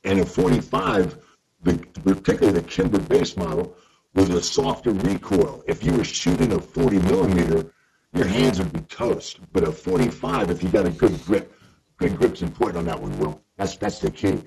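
A man with a very low, gravelly voice talks in a relaxed, unhurried way. He pauses and restarts his sentences as he gathers his thoughts. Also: low-quality recording. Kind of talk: casual chat.

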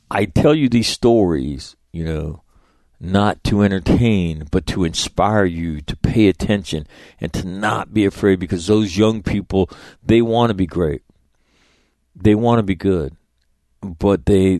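A man's voice: low-pitched, darkish tone, no echo, clean studio sound. A middle-aged man hosting a show, telling stories in a blunt, profane, rambling way with many restarts. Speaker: podcast host and public speaker. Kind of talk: casual storytelling monologue.

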